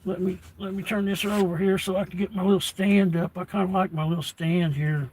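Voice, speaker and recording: A man's voice: high voice, fairly even intonation, fairly quick, a little mellow, slight background noise, low-quality recording. An older man chatting casually on a livestream, folksy and given to rants, reading his chat off a tablet. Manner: folksy, ranting. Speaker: live streamer.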